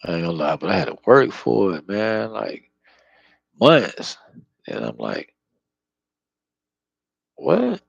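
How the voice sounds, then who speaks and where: A man's voice: deep voice, very animated, measured pace, gravelly, breathy edge, dry recording, muffled recording. A man talking in a loose, slangy, profane monologue full of fillers, close to the mic. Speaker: spiritual vlogger. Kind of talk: casual rambling monologue.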